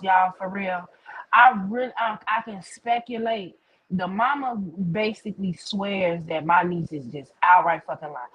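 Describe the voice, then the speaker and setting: A woman's voice: medium pitch, a bit bright, husky, no echo, lo-fi sound. A woman hosting a casual livestream, telling a story bluntly with plenty of swearing and answering viewer comments. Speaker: livestream host.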